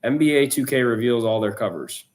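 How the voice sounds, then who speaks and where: A man hosts a live trading stream, chatting casually and loosely with slang and reacting to viewers' chat. His medium-pitched voice is animated and brisk.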